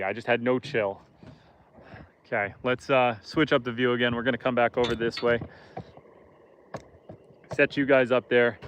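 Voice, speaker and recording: A man's voice: mid-range voice, fairly bright tone. A man hosting a casual live stream outdoors on a lake from a boat, chatting with viewers in a joking, self-deprecating way.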